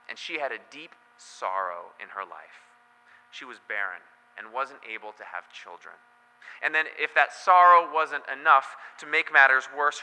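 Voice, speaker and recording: A man's voice: medium pitch, bright, forceful tone. A man as pastor preaching a sermon in a church, telling the story in a conversational way with joking asides. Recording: long hall reverb.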